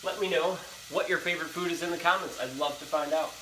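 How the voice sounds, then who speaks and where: A young man hosts a casual live cooking show, chatty and upbeat as he talks straight to his viewers. His voice sits a little high and comes across bright and forceful. The kitchen is echoey, with a faint sizzle behind him. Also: fast talker, slight background noise. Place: home kitchen.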